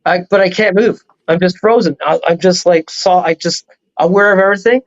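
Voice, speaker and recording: Male guest, high-pitched, animated and rambling storyteller, muffled lo-fi audio. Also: brisk. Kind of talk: casual storytelling on a talk show.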